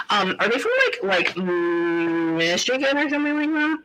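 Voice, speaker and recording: A woman giving a live psychic reading on a talk show, pausing often to say hold on and filling her talk with like and um. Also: medium pitch, big pitch swings, a bit bright, poor audio. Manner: halting, keeps pausing to say hold on; loose casual talk full of like and um. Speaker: psychic medium.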